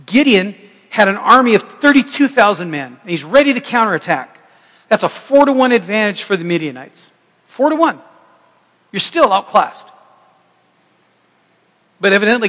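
High-voiced pastor, casual sermon. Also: male voice, fairly bright tone, long reverb tail. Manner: conversational, jokey preaching with rambling restarts.

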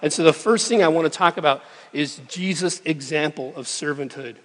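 A man preaching a sermon in a relaxed, conversational way who keeps checking in with his listeners. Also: a little high, moderate pace, in a large hall. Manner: conversational, checks in with "okay?" and "right?".

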